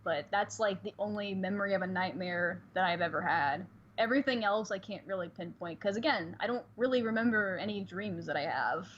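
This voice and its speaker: A woman's voice: medium pitch, fairly quick, hardly any pauses, muffled recording, a little hiss or hum. A chatty woman who laughs easily, talking casually with a friend on a livestream. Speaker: co-host and voice actor.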